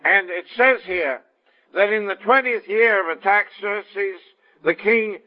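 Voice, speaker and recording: A man delivering a sermon in a high-pitched voice. He tells the story vividly and acts out the dialogue as he goes. The recording sounds dull and lo-fi. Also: takes it slowly. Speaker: preacher.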